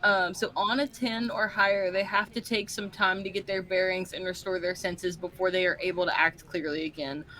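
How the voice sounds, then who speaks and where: A woman's voice: on the low side, steady tone, moderate pace, hardly any pauses, pushed and bright. A woman playing a tabletop game, talking in a chatty, upbeat way. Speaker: player. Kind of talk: casual tabletop play.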